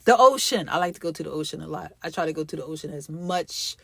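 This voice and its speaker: A woman's voice: deep voice, expressive, fast talker, creaky, slightly rough, dry recording. A woman hosting a faith-based motivational podcast. She talks in an emphatic, encouraging way and repeats her key phrases. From United States. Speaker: podcast host.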